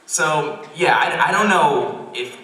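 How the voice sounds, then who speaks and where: A young man doing a stand-up set at a college comedy club, awkward and self-deprecating, with halting restarts. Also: on the high side, animated, sharp tone. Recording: roomy distant club recording. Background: audience laughter.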